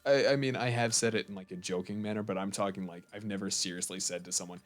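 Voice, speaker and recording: Laid-back joking man, lowish voice. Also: steady tone, quick pace, faint music behind. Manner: joking, loose, laughs often. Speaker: co-host. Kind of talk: casual chat while gaming.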